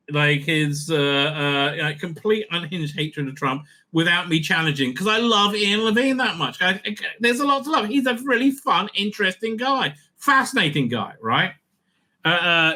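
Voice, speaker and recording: Excitable, bright-voiced man ranting casually. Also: fairly high pitch. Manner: excitable, stammering, reads messages aloud and reacts. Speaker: vlog host. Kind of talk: casual commentary.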